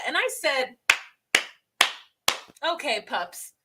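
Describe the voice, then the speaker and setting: A woman's voice: mid-range voice, normal speed, slight background noise. A woman co-hosting a podcast, chatting casually about a reality show, laughing and acting out quotes. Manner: animated, laughs often, acts out quotes. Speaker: podcast co-host. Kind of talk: casual reality TV recap chat.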